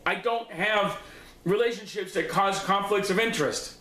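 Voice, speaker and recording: A man's voice: sits high, pushed and bright. A man giving a blunt, profane, confrontational recap of a board meeting, speaking straight to the people involved. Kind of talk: angry personal recap monologue. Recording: echoey room.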